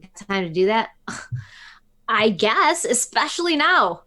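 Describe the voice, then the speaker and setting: A woman's voice: lowish voice, measured pace, bright, forceful tone. Chatty woman reading a live chat. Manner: chatty, teasing, reads names from the chat. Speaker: co-host of a live stream. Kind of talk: casual live-stream chat, reading the chat aloud.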